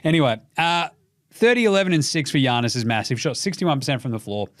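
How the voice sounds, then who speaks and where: A young Australian man hosting a casual basketball show, talking fast and loose with lots of swearing and mocking impressions. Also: fairly high pitch, no room sound, studio quality. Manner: profane, animated, mocking impressions. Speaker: podcast host. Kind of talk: casual sports commentary.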